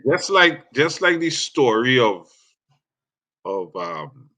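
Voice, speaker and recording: Trinidadian man guest, unhurried, reflective storyteller, slow delivery. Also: mid-range voice, sing-song, sharp tone. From Trinidad and Tobago. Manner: measured, reflective. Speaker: guest musician. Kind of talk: storytelling interview.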